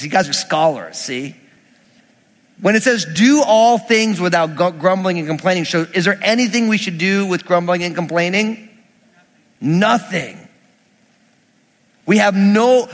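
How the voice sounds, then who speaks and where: A man's voice: high voice, a bit bright. A young adult man, a pastor, preaching a sermon in a conversational, emphatic way with casual asides. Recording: long reverb of a hall.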